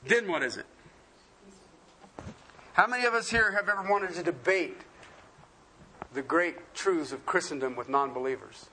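A man's voice: fairly high pitch, lively intonation, moderate pace, pauses often, bright, forceful tone, a little hiss or hum. A man preaching a sermon in a folksy, joking way, often asking the congregation questions.

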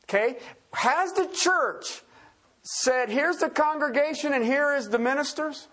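A man preaches an expository sermon in a casual, conversational way, animated and frequently checking in with "Okay?" while spelling out words for listeners. His voice is very high-pitched and his pace unhurried.

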